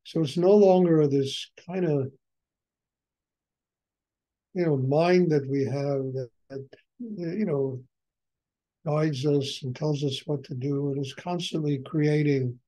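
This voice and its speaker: An older man speaking as a spiritual teacher, very slow and unhurried. His voice is mellow and dark, sitting a little higher than most men's. He strings out repeated phrases and leans on "you know" as he reflects. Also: fairly even intonation, low-quality recording.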